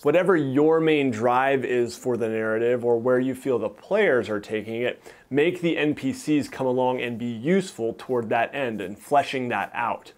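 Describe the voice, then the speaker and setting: A man hosting a channel, giving casual, easygoing advice to fellow dungeon masters with a self-deprecating, chatty manner. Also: mid-range voice. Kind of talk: casual instructional talk to camera.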